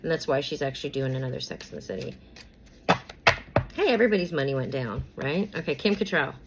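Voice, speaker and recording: Against a noisy background, a woman with a deep voice talks fast and animatedly. She's doing her makeup and chatting about celebrity gossip, rambling with fillers and repeats, and sometimes whispers names as she pulls cards.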